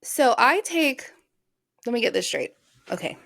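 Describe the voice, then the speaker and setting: A woman co-hosts a podcast in casual chat, blunt and incredulous, and she swears freely as she questions what she hears. Her voice sits a little high, with a gravelly fry running through it. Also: big pitch swings, measured pace, a bit bright. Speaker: podcast co-host.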